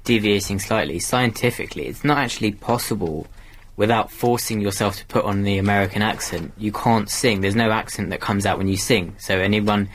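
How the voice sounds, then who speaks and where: A man's voice: fairly low pitch, steady tone, a little fast, a little hiss or hum. A man in a radio studio, off-mic, earnestly explaining a point to the host.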